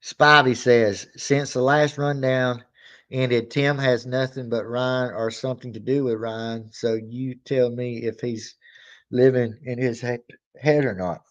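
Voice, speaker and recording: Man hosting a reaction show, rambling casual chat, mid-pitched voice, dull lo-fi sound. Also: flat delivery, a little slow. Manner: rambling, drawling, acts out skits with mock shouting. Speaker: reaction channel host.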